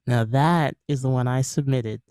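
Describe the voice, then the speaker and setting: A man's voice: mid-range voice, normal speed, darkish tone, smooth, dry recording, clean studio sound. A man from Jamaica, a guest in a casual comedic chat, easygoing and laughing often. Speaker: podcast guest.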